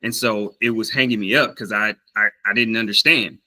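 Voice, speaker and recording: On a low-quality recording, a man with a Southern US accent and a fairly low voice talks briskly about learning a language. His casual vlog story is animated, full of fillers and restarts, with quoted voices acted out.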